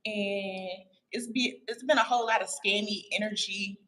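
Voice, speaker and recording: A woman hosting a casual livestream, chatting to her viewers in an animated way and laughing often. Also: mid-range voice, normal speed, low-quality recording. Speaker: livestream host. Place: home abroad.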